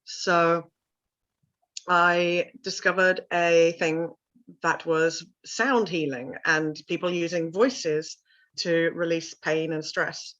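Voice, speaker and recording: A middle-aged woman, a vocal coach and sound healer, telling her story in an interview in an animated way. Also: low voice, lo-fi sound. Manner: animated storyteller, acts out voices in quotes.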